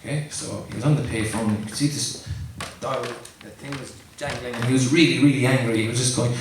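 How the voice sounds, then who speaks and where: Tipsy comedian in an echoey pub. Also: male voice, mid-range voice, steady tone, brisk. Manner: rambling, self-mocking, laughs at his own jokes. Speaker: stand-up comedian. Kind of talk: stand-up routine. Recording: echoey live room, mic far off, noisy.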